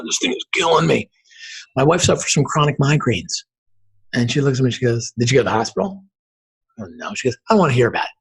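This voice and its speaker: A man in his forties, a podcast guest, telling his story with lively acted-out dialogue. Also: medium pitch, slightly rough, low-quality recording. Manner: animated storyteller acting out quoted dialogue. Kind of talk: storytelling in an interview.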